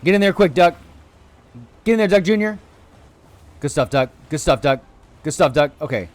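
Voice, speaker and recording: At a moderate pace, a man live-streams a video game, chatting excitedly to viewers and cheering on his creatures while letting out sudden high-pitched exclamations.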